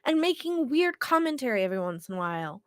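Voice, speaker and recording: A congested woman co-host tells stories in a lively, animated way, cursing casually. Her voice sits a little high. The sound is dry and close to the mic. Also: quick pace, no echo. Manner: animated storyteller, swears casually. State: congested from illness. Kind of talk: casual podcast chat.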